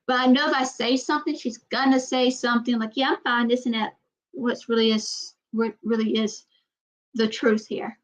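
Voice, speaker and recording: A woman's voice: a little high, level tone, normal speed, rough recording. A woman with a light Southern US accent, chatting casually and bluntly in a rambling vlog. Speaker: vlogger. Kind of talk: casual chat.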